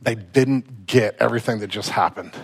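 A man's voice: on the low side, normal speed, gravelly, husky. Casual, slang-sprinkled preacher man. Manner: casual and conversational, slangy asides. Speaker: pastor. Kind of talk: sermon.

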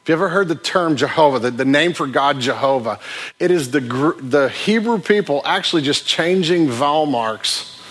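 A man's voice: on the high side, fairly bright tone. A man preaching a sermon in a conversational way, often restarting his phrases. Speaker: pastor.

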